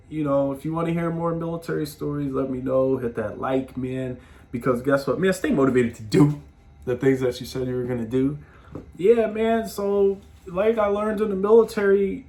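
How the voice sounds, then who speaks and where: A man hosting his own show, telling stories in a casual, slangy monologue with plenty of swearing. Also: medium pitch. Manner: animated, slangy, swearing, frequent "man" tags. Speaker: podcast host giving advice.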